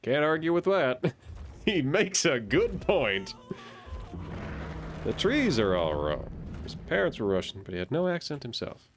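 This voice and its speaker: A man's voice: fairly high pitch, big pitch swings, a little slow, pauses often, a little hiss or hum. A male streamer giving casual, chatty gameplay commentary, musing and wry as he plays.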